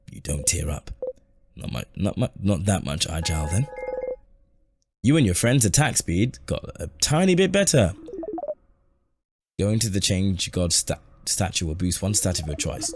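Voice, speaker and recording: A man's voice: sits low, normal speed, noisy background. A man streaming a story game, reading its text aloud playfully and tripping over words now and then. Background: game music.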